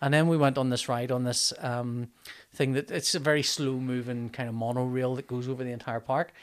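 A man in his thirties, an animated storyteller who acts out his own reactions, laughs often and swears in casual chat. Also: mid-range voice, a little fast.

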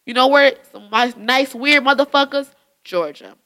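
A young woman from Michigan in casual profane chat, animated and laughing often. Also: high-pitched, normal speed.

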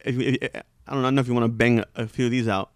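A man's voice: medium pitch, steady tone, racing, smooth, no echo, clean studio sound. A man hosting a casual chat, rambling with lots of fillers and restarts. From Southern California.

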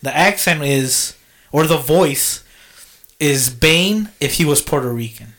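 A man's voice: a little high, animated, slow, a bit bright. A man co-hosting a podcast, chatting casually, laughing often and rambling. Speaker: podcast co-host. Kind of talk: casual chat.

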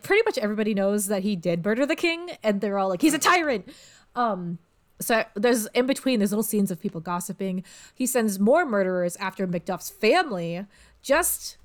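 Giggly young woman retelling a story casually. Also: mid-range voice. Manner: giggly and irreverent, slips into quick voices for characters.

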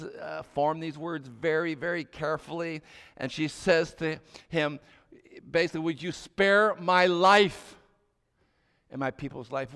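Man preaching a sermon in a large hall. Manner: storytelling preacher, drops low and soft for emphasis. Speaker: pastor.

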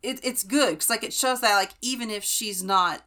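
Bright, rambling woman podcast co-host. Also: mid-range voice, moderate pace. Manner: rambling, filler-heavy, enthusiastic. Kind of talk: casual book discussion.

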